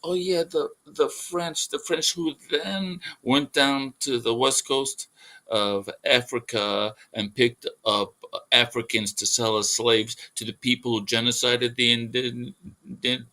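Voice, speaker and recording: A man's voice: mid-range voice, fairly even intonation, unhurried, pushed and bright, voice pushed up. A man voicing a sardonic male alien in a joke, with mocking, sing-song repetition.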